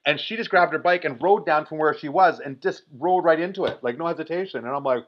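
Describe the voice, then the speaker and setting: Brief: high-voiced middle-aged Canadian man, energetic podcast guest acting out his stories, muffled lo-fi sound. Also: quick pace. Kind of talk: excited storytelling.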